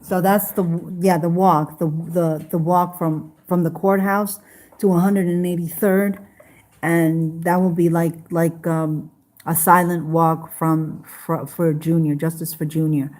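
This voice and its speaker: A woman chatting casually on a live stream, halting, with many fillers and restarts. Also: lowish voice, little pitch movement, a little mellow. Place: home in Las Vegas.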